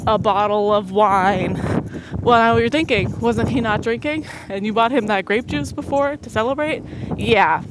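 Young woman telling a sarcastic story. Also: moderate pace. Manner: animated, sarcastic, laughs often. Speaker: podcast host. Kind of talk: casual storytelling monologue. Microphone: low-quality mic. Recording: noisy low-quality home recording.

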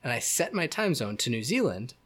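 A man's voice: mid-range voice, big pitch swings, brisk, fairly bright tone, husky. Rambling man co-hosting a podcast. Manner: rambling, self-correcting, joking. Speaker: podcast co-host. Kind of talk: casual chat.

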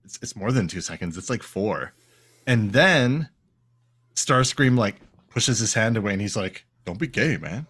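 A man's voice: lowish voice, measured pace, breathy edge. A man co-hosting a podcast, casually recapping a cartoon episode with jokes and silly put-on voices. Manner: animated, jokey, acts out lines in silly voices. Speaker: podcast co-host.

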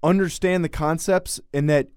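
A young man chatting casually in a small studio, dry and argumentative with a deadpan edge. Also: fairly high pitch, normal speed, smooth, dry recording. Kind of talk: casual chat.

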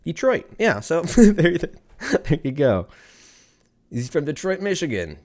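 A man's voice: on the high side, big pitch swings, takes it slowly, a little mellow. A man in his thirties hosting a podcast on his own, rambling, swearing casually and laughing at his own jokes. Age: 30s. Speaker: podcast host. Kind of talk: casual solo podcast chat.

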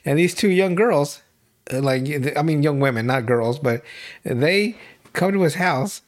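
Excitable, profane man on a podcast. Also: a little high, unhurried. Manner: laughing, profane, excitable retelling with loud mock shouting. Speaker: podcast co-host. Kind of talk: casual chat.

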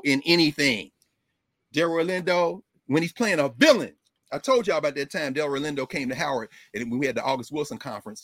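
A middle-aged man, a professor, giving animated, emphatic conversational commentary, digressing often and breaking into laughter. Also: medium pitch, no room sound, studio quality.

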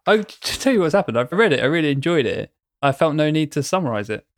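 A man's voice: a little high, very animated, fast, dry recording. Male podcast co-host, casual and self-mocking, dry recording. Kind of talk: casual chat.

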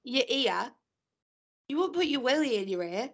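A woman's voice: sits high, big pitch swings, moderate pace. A young woman co-hosting a podcast in casual, playful chat, often giggling. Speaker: podcast co-host.

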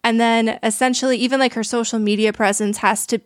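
A woman's voice: fairly high pitch, fairly even intonation, fairly quick, no echo, studio quality. A young woman co-hosting a podcast in casual chat, explaining things at length with plenty of "like". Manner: chatty, explains with lots of likes. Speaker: podcast co-host.

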